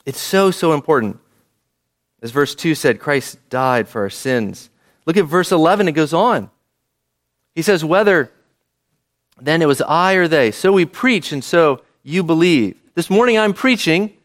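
A man's voice: a little high, animated, measured pace. A male pastor giving a conversational sermon, often asking the congregation questions.

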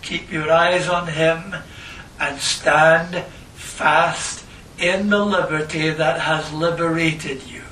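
A man preaching a sermon and reading scripture, slow and emphatic, repeating phrases for stress. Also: fairly high pitch, fairly even intonation, bright, forceful tone, slight background noise. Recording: echoey room, voice from a distance.

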